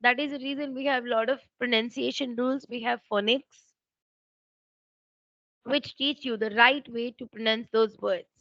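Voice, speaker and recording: Indian-accented woman teacher, higher voice, explains patiently, dull dry call audio. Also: steady tone, moderate pace, fairly bright tone, no room sound. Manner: explanatory, checks for understanding. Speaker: English teacher. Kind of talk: online teaching exchange.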